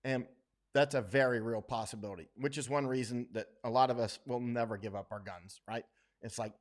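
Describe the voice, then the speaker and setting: A middle-aged man speaks in a casual, unscripted livestream style. His voice sits at a mid pitch, and he is blunt and opinionated. He often lets his phrases sink low and quiet as he finishes a point. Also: steady tone, a little fast. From United States. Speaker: livestream host.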